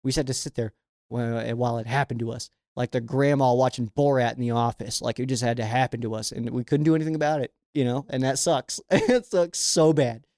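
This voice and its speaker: A man's voice: mid-range voice, steady tone, brisk, darkish tone, no echo, studio quality. A young man hosting a fan sports show, rambling casually through viewer questions and leaning heavily on "like". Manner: rambling, filler-heavy, with frequent "like".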